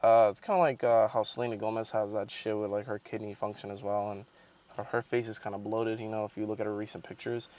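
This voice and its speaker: A young man telling a casual, rambling story for his fitness vlog. He swears often and gets animated as he talks. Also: on the low side, quick pace, no echo. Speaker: fitness vlogger.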